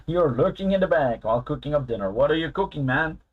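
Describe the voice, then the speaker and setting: A man's voice: on the high side, expressive, brisk, phone-quality sound. A man hosting a casual live stream, chatting loosely and laughing often as he answers his viewers.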